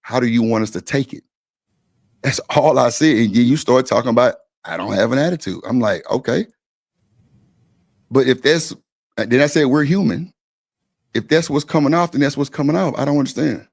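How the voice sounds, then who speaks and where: Gravelly-voiced man arguing bluntly. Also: medium pitch, fairly quick, a little mellow. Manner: blunt, profane and insistent. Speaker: host of a live-stream panel. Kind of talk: heated casual argument.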